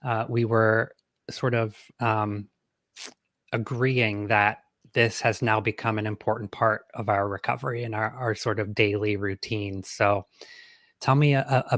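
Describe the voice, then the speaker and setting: A man's voice: on the low side, steady tone, a little slow, a bit bright, no echo, clean studio sound. A man hosting a casual live-stream podcast interview, speaking in a friendly, chatty way with frequent fillers and restarts over a video call. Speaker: podcast host.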